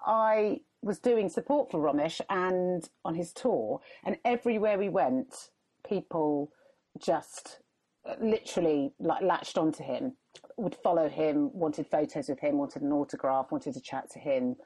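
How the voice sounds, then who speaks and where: A woman's voice: deep voice, unhurried, warm tone, husky. A woman, a comedian, chatting candidly and wryly on a podcast. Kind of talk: casual podcast chat.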